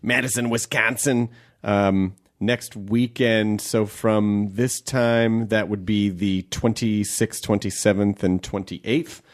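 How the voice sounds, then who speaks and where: A man's voice: lowish voice, little pitch movement, slow. A man hosting a podcast, chatting casually and joking his way through ad reads. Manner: playful, jokey, rambling. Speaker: podcast host.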